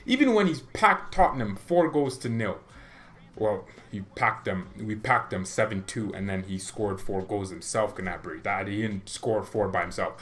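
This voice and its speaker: A young man hosting a fan channel, giving a casual, opinionated match reaction that rambles with restarts and excited bursts. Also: on the low side, normal speed. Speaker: football fan channel host.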